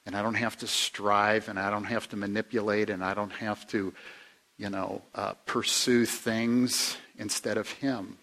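A pastor delivers his sermon conversationally, questioning his listeners and swinging between emphatic rises and quiet, low asides. His delivery is flat and a little slow, with vocal fry.

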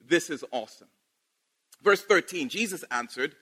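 A man preaching a sermon in a playful, animated way, laughing and repeating phrases for emphasis. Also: high-pitched, a little slow.

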